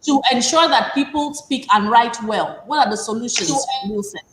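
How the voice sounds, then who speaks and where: A woman from Nigeria, hosting an online panel and asking pointed, animated questions. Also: on the high side, moderate pace, reverberant, very noisy. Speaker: host.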